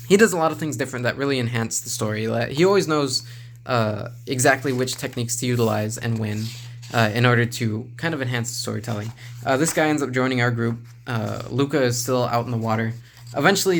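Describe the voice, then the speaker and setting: A man reviewing a manga volume in a relaxed, rambling way, with lots of filler sounds and small chuckles. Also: mid-range voice, slight background noise. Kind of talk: casual video review.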